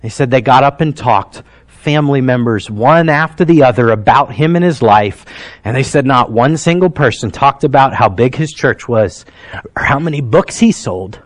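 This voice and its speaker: A man in his thirties, a pastor preaching a sermon in an emotional, heartfelt storytelling manner that drops quiet and then rises to emphasis. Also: medium pitch, lively intonation, moderate pace.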